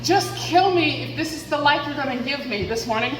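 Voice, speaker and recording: A woman's voice: high voice, a little fast, a bit bright, echoey room, in a large hall, faint music behind, low-quality recording. A woman vlogging into a headset mic, rambling candidly and poking fun at herself as she thinks aloud. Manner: chatty, self-deprecating, thinks aloud.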